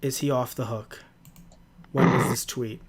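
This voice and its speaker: A man's voice: mid-range voice, steady tone, measured pace, slight background noise. A man with a mid-range voice chats casually on a podcast. He rambles and restarts, with filler words and casual swearing. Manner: rambling, hesitant, profane. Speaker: podcast co-host. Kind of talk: casual review chat.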